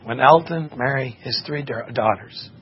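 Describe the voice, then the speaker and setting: A man's voice: medium pitch, normal speed. A man preaching a sermon and telling a personal testimony in an earnest, impassioned way. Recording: muffled recording with faint background noise.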